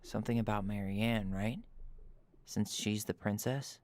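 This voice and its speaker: A man playing a calm young game hero. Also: on the low side, unhurried, lightly acted. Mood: thoughtful. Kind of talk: video game voice acting. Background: game music.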